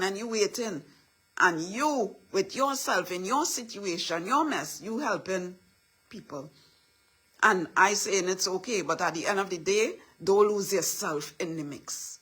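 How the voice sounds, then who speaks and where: Middle-aged woman, husky, bright tone, motivational speaker who preaches in repeated affirmations. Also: mid-range voice, expressive, moderate pace. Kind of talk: motivational livestream talk.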